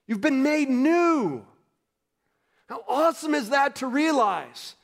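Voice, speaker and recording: Male pastor with a high voice, preaching in a casual, conversational way that rises to emphatic peaks. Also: very animated, takes it slowly. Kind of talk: sermon.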